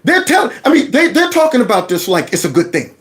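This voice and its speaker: A man's voice: extremely high pitch, big pitch swings, fast, fairly bright tone. Ranting man reacting to a news clip. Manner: incredulous, ranting, acts out quotes. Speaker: commentary channel host. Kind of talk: reaction commentary.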